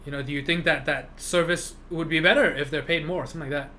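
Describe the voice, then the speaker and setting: A man's voice: a little high, steady tone, quick pace, bright, forceful tone, slight background noise. A young man streaming live, chatting with viewers in a rambling rant full of fillers and swearing. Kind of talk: casual chat with live viewers.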